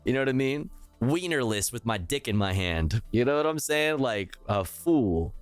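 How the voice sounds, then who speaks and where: A male streamer reacts live with crude, joking commentary. His pitch swings widely as he talks. The sound is dry and close, with light music playing behind him. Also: lively intonation, normal speed, clear, resonant tone, dry recording.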